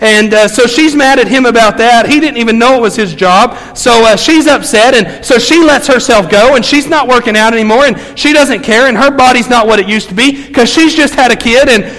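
A man's voice: extremely high pitch, brisk, hardly any pauses, fairly bright tone, in a large hall, low-quality recording. A man preaching a storytelling sermon as a pastor, talking in a loose, conversational way full of fillers and restarts.

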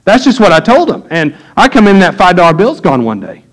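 A middle-aged man preaching a sermon, telling folksy stories and getting animated when he quotes people. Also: high-pitched, fairly quick, rough recording. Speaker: pastor. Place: church.

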